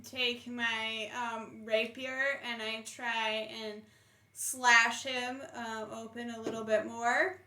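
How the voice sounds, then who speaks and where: A woman's voice: fairly high pitch, level tone, slow, pushed and bright, roomy sound. A woman playing a tabletop game, chatty and a bit hesitant as she describes her moves. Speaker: player. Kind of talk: tabletop game play over a call.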